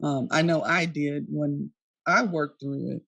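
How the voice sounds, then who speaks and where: Halting woman giving a conference talk. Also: low-pitched, creaky, fairly bright tone, no echo. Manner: earnest, halting, frequent ums and restarts. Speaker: neuroscience lecturer.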